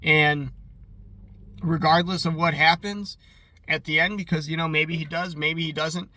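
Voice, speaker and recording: A man's voice: fairly high pitch, fairly even intonation, a little slow, bright, forceful tone, no echo. A man chatting casually as he recaps a TV episode, rambling and filling his talk with "like". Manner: rambling and chatty, heavy use of "like". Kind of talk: casual commentary.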